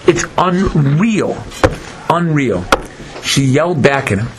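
This man's voice is a little high and expressive, and he takes his time. He teaches Torah with dramatic emphasis, frequently voicing the characters he quotes, captured in a noisy lecture recording.

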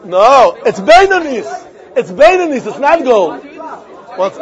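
A man with a Yiddish-inflected accent, giving a Talmud lesson in an animated, repetitive, sing-song way with many questions. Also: very high-pitched, unhurried, muffled recording, a crowd in the background. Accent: Yiddish-inflected English. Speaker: Talmud teacher.

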